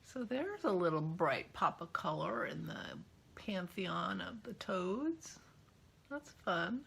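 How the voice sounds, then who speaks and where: A woman's voice: fairly low pitch, very animated, slow, creaky, fairly bright tone, husky. A woman hosting a knitting vlog in a chatty, rambling way, often dropping to a whisper as she shows yarn. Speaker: knitting podcast host. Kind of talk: casual vlog chat while unboxing yarn.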